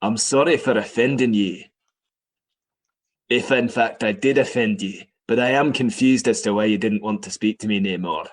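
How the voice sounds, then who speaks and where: A man's voice: on the low side, normal speed, lightly acted. A man voicing an odd, cheerful druid in a tabletop game, polite and earnest with a shifting accent. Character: odd male druid, cheerful and literal-minded.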